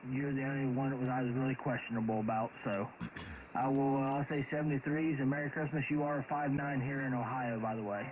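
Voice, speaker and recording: A man calling in over amateur radio, relaxed and halting with many pauses. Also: mid-range voice. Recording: tinny radio link with loud static.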